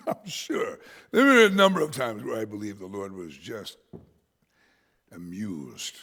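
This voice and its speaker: Animated pastor preaching, gravelly voice. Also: male voice, fairly low pitch, slow pace, in a large hall, crowd noise. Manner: animated, swings from shouts to whispers, laughs often. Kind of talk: sermon. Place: church sanctuary.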